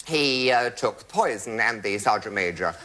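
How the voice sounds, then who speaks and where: A man's voice: lowish voice, unhurried. A man telling a comic anecdote to a studio audience, arch and theatrical. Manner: theatrical, arch, animated storytelling. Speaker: comic raconteur.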